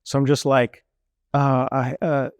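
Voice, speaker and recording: A young man telling a travel story in casual chat, animated and full of fillers. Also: medium pitch, a little slow, clean tone, no echo, studio quality. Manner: animated, lots of fillers, mimics officials.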